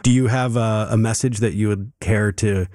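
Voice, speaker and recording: Encouraging male host, low voice. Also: fairly even intonation, moderate pace, dry recording, clean studio sound. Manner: warm, encouraging, brief affirmations. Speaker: interview host. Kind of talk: radio interview.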